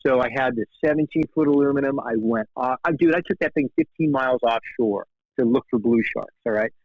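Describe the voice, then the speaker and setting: Sex: man. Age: 50s. Role: guest, fly fishing guide. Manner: animated storyteller who acts out quoted dialogue. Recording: dry, dull podcast audio. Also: medium pitch, fairly quick, no echo. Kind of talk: casual storytelling in conversation.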